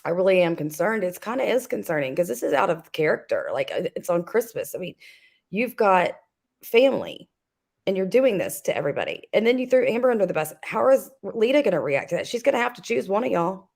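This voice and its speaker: A woman's voice: mid-range voice, sing-song, fairly quick, gravelly, a little mellow. Snarky woman commenting on drama. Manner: snarky, conversational, many fillers. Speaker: co-host. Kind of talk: casual commentary chat.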